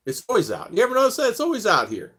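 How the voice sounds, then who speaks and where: A man's voice: racing, slightly rough. An older American man hosting a casual live stream, rambling as he reads viewer comments aloud. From United States. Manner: rambling, reads chat aloud, lively pitch swings.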